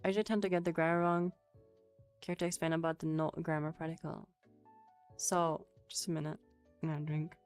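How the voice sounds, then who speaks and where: A woman's voice: low-pitched, little pitch movement, brisk, long pauses, darkish tone, smooth. A woman streaming a casual Japanese lesson on a headset, answering chat with giggles and swearing. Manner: giggly, swears, chatty and loose. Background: faint music playing.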